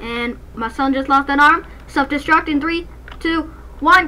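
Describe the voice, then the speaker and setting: A woman hosting a gaming channel, giving excitable, jokey let's-play commentary from a dark room at night and breaking into snatches of song. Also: high-pitched, unhurried, a little hiss or hum, low-quality recording.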